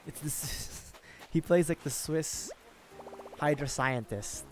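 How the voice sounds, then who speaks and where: Rambling man streaming a cozy game. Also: a little high. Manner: rambling, self-correcting, quick to chuckle. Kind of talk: casual gaming livestream commentary. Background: game music.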